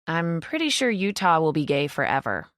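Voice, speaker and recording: A woman reading a novel in the first person as an audiobook narrator, in an even, reflective way. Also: deep voice, moderate pace, no room sound, clean studio sound.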